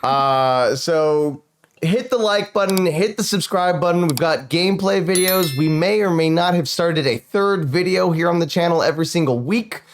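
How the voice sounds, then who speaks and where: A man hosting a podcast in casual chat, telling stories in an animated way. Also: on the high side, moderate pace, a little hiss or hum. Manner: animated storyteller. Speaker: podcast host.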